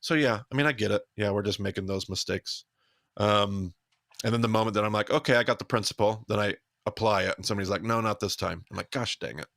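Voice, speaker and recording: A man's voice: fairly low pitch, fairly even intonation, quick pace, gravelly, fairly bright tone, no echo, studio quality. A man from Idaho co-hosting a podcast, talking casually and candidly with a self-deprecating manner. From Idaho, United States. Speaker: podcast co-host. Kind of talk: casual conversation.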